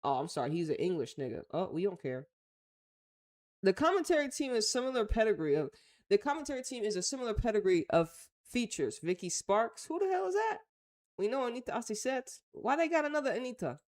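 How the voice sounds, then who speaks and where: A woman's voice: a little high, very animated, fairly quick, darkish tone. A woman with an American accent hosting a casual talk show, reading news aloud and reacting bluntly in slangy, offhand remarks. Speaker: host.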